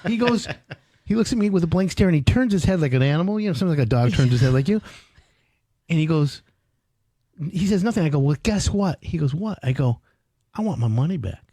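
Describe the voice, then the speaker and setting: A man in his fifties hosts a radio talk show, his pitch climbing and diving as he acts out stories with sudden loud outbursts. His voice sits a little high for a man, close and dry on a studio mic. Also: quick pace, pauses often, no room sound. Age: 50s. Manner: animated storyteller, loud bursts, reads phone number. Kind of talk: casual radio chat.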